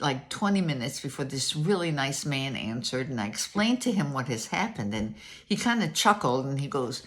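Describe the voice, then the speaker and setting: Animated older woman telling a story. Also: low-pitched. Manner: animated, retells both sides of conversations. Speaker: vlogger. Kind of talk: casual storytelling.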